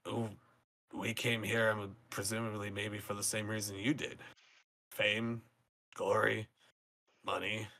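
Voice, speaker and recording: A man's voice: on the low side, level tone, a little slow, long pauses, sharp tone, heavily acted. A man voicing a dry, resigned male orc gambler in a tabletop game, with a drawling, offhand delivery. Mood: wry.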